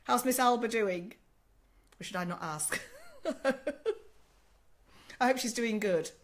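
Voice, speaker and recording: Answering live questions in a casual stream, an older Australian sleep consultant comes across warm, motherly and talkative, calling people "love" and asking "okay?" again and again. She takes it slowly in a slightly high voice that remains a little rough from a recovering sore throat.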